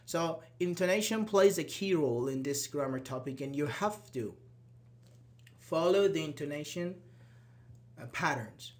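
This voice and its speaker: A man's voice: on the high side, lively intonation, measured pace. A man whose first language is Persian, teaching a live online grammar class and explaining step by step while checking in with students. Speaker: English teacher.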